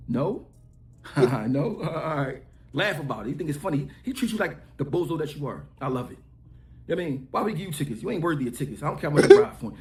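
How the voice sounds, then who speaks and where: A man's voice: on the high side, big pitch swings, quick pace, a little mellow, reverberant. A man ranting and taunting someone in a mocking way. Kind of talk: trash talk rant.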